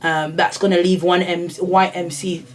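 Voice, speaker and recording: A woman's voice: fairly low pitch, level tone, normal speed. A woman co-hosting a podcast, telling stories in casual chat with lots of fillers. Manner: chatty storyteller, frequent "yeah" and "like" fillers. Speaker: podcast co-host.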